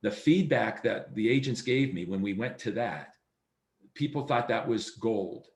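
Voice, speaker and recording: A man's voice: on the low side, expressive, measured pace. A man giving a real estate sales training over a video call, acting out dialogue in his stories. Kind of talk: training presentation. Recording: roomy echo.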